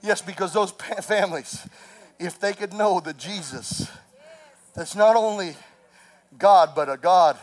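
A man preaching a sermon as pastor, rising to shouts and telling stories with laughter. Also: sits high, measured pace, long pauses.

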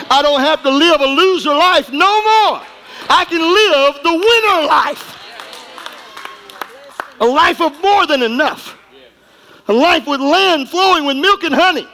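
A middle-aged man preaching a sermon, folksy and emphatic, going from quiet asides to shouting. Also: very high voice, rough recording. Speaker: pastor.

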